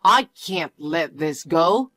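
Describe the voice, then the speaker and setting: A woman's voice: low voice, expressive, takes it slowly, bright, forceful tone, dry recording, faint music behind, heavily acted. A woman voicing a defensive, bossy young man who has lost his job, in a story told through acted dialogue. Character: irritable young adult man, a jobless fiancé.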